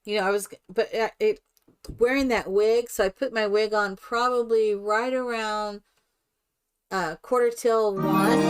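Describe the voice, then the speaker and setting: An older woman streaming herself playing a game, chatting in a rambling, animated storytelling way. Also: mid-range voice, a little slow, over music. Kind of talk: casual chat while playing a life-simulation game.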